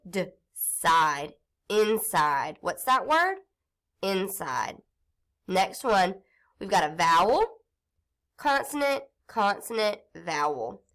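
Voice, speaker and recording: A woman teaching young children to read, sounding out syllables slowly and encouragingly. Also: mid-range voice, fairly bright tone. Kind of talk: early reading lesson for children.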